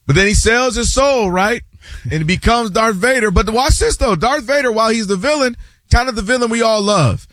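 A man holds forth on a sports show, his voice sitting a little high. He talks in a loose, conversational way and slips into quick impressions of fans. The sound is dry and close. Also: no echo. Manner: animated, acts out fans' and players' voices. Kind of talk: casual sports debate.

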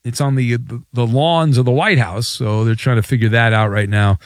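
A man's voice: medium pitch, fairly even intonation, normal speed, dry recording, studio quality. A man hosting a late-night sports talk radio show, sarcastic and teasing with his callers. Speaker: radio host.

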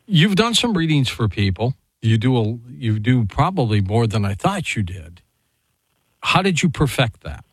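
A man hosting a call-in radio show, brisk and friendly as he takes calls. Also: mid-range voice, very animated, husky, no room sound. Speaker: radio host.

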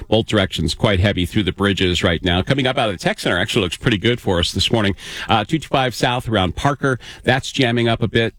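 A man reporting traffic live on the radio in a brisk, matter-of-fact rundown. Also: lowish voice, fairly bright tone, no echo.

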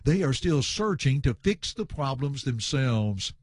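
A man's voice: mid-range voice, unhurried, slightly rough, no room sound. Guy preaching a sermon, voice swings up and down a lot, keeps hammering the same lines, really dry sound. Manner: animated, emphatic, repeats refrains; addresses listeners as friends. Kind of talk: expository sermon on scripture.

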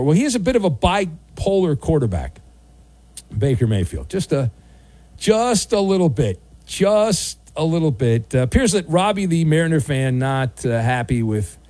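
A man hosting a sports talk radio show from a studio, wry and bantering, with bursts of loud mock outrage. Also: medium pitch, dry recording. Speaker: radio host. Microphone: studio microphone.

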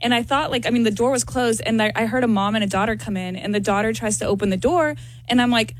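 A woman co-hosting a morning radio show, telling an excitable story and acting out the quotes. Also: fairly high pitch, quick pace, no echo. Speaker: radio co-host.

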